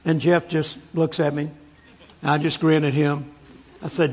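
A man's voice: a little high, level tone, moderate pace, pauses often, husky. A man preaching a sermon, telling stories with folksy humor, in an echoey, muffled recording. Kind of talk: storytelling sermon. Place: large hall, speaking to an audience.

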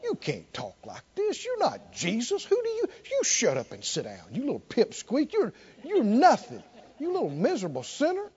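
A man's voice: very high voice, wildly swooping pitch, normal speed, darkish tone, husky, full character voice. A man voicing a sneering male devil who mocks and belittles a believer. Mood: scornful. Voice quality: mocking, belittling. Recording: dull lo-fi recording.

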